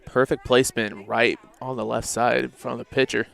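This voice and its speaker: Guy doing color commentary, smooth clear voice, relaxed and chatty. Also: mid-range voice, fairly quick. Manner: relaxed, conversational. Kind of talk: casual live sports commentary.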